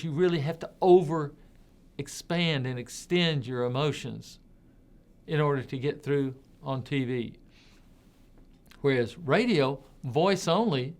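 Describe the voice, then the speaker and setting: Man giving an emphatic conversational talk. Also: medium pitch. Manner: conversational, repeats words while thinking, emphatic on key points. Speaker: speaker giving a talk on communication. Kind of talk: informal spoken commentary.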